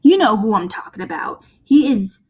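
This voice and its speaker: A woman's voice: mid-range voice, sing-song, normal speed, a little mellow, slightly rough. A woman co-hosting a casual movie talk show, laid-back and often trailing off while searching for names. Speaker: co-host of a movie discussion show. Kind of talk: casual chat about a movie.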